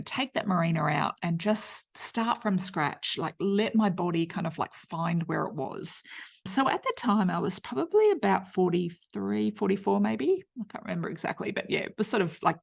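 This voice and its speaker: A woman in her fifties with an Australian accent, a menopause nutritionist, hosts a podcast and tells her own story in a candid, chatty monologue that is blunt, slangy and full of fillers. Her medium-pitched voice is expressive, with vocal fry and a moderate pace.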